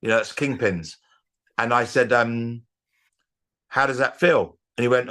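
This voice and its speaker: A middle-aged comedian telling rambling anecdotes in a casual interview, with restarts and acted-out quotes. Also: male voice, mid-range voice, unhurried, crowd noise. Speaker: comedian guest.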